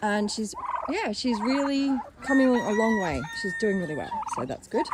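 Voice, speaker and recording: Filming on a handheld phone outdoors, a woman gives a casual vlog tour of a farm sanctuary, chatting to the camera and cooing baby talk at the animals. Her fairly high voice is sing-song at a moderate pace, and the very noisy audio carries chickens, roosters and turkeys.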